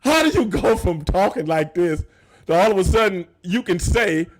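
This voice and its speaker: Male host, high-pitched, animated, profane, casual banter. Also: normal speed. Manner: animated, loud, laughing, profane. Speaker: show host. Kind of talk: casual wrestling talk.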